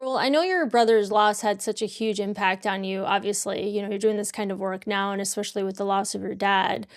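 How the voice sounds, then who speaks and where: A woman's voice: mid-range voice, fairly even intonation, a little fast, smooth. A woman in her forties hosting a podcast, talking in an open, searching way with lots of "like" and "you know.". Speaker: podcast host and dental coach. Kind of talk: casual reflective conversation.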